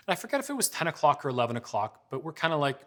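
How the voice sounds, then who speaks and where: A man in his forties with a bright, forceful, fairly high voice gives a talk with slides. He tells conversational stories and acts out the dialogue in them. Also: sing-song, rapid-fire. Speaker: parenting speaker. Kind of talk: presentation with slides.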